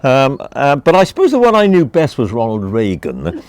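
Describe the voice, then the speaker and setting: A man's voice: mid-range voice, moderate pace, no room sound. An older man from Wales, a broadcaster chatting as a guest outdoors in a garden, telling stories wryly and laughing at himself. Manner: wry, animated storyteller who laughs at himself. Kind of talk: casual chat, storytelling.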